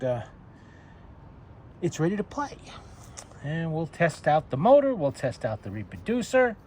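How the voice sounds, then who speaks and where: Chatty man with a lively voice. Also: medium pitch, slight background noise. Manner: chatty, chuckles at his own remarks. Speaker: phonograph collector. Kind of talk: casual demonstration.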